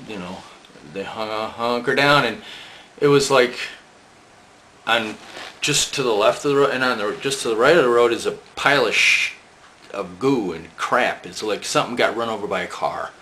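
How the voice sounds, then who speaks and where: A man's voice: mid-range voice, normal speed, bright, forceful tone, a little hiss or hum. A man casually telling a rambling, profane anecdote, chuckling now and then. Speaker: storyteller recalling band days.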